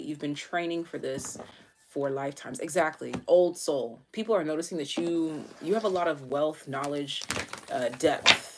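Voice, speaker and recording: A woman's voice: deep voice, slight background noise. A woman giving a casual live tarot reading, chatty, with many fillers and casual swearing. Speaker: tarot reader.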